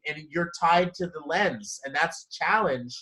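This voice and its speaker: A man giving a casual one-on-one numerology reading, animated and quick to laugh. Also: fairly high pitch, poor audio. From Canada. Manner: animated, laughs often, acts out inner voices. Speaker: numerology consultant.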